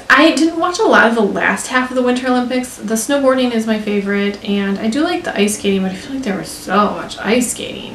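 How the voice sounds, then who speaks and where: A young American woman chatting in a gushing, talkative way, full of "like", as a beauty vlogger. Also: medium pitch. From United States. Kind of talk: casual chat. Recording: roomy with faint hiss.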